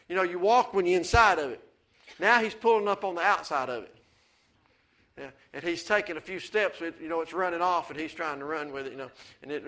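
Male pastor, high and bright, folksy preaching that builds to excitement. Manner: folksy storytelling, rising to excited preaching with amens. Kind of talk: sermon.

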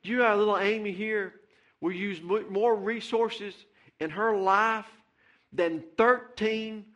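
A man's voice: high-pitched, steady tone, measured pace, a bit bright, muffled recording. A man preaching a fervent sermon in church, repeating phrases and calling out "Amen.". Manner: fervent, repetitive, calls out "Amen" and "Hey".

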